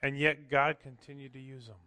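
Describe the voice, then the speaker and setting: A man's voice: mid-range voice, level tone, brisk, sharp tone, no room sound, clean studio sound, big-room sound. A man preaching a sermon as pastor, conversational, often tossing in "right?" and acting out quotes. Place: church sanctuary.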